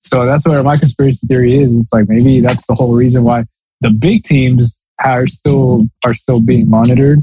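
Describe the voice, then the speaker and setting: Husky man rambling on a podcast. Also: medium pitch, fairly even intonation, moderate pace, mellow, dry recording, low-quality recording. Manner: rambling, lots of fillers and restarts. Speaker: podcast co-host. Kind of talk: casual podcast chat.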